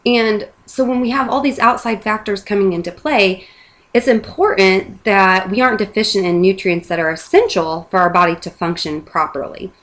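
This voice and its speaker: A mother in her thirties earnestly promotes a product she believes in, in a casual testimonial monologue. Her voice is medium-pitched and a bit bright, at normal speed. She uses many fillers and restarts.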